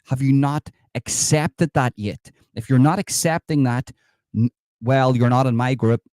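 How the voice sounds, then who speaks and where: Guy doing a sarcastic smug politician, mock outrage, mellow dark tone, dry close sound. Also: medium pitch, measured pace, dry recording, close to an everyday voice. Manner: sarcastic, mocking, reads comments and scoffs at them. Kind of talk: satirical live-stream impression.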